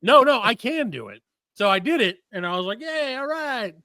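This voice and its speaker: A man's voice: high-pitched, brisk, no room sound, clean studio sound. A man, a comedy podcast host, telling a story in casual chat and acting out the other people in it. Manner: animated, acts out the other people in his story.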